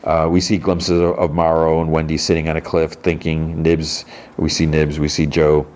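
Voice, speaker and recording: A man's voice: rumbling low, monotone, normal speed, darkish tone. A man hosting a podcast, casually recapping a TV episode and retelling scenes with characters' lines. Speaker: podcast host.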